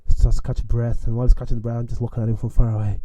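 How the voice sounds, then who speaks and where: A young man telling a story from his own life in a casual, animated way, with slang and frequent chuckles. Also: mid-range voice, rapid-fire, no room sound.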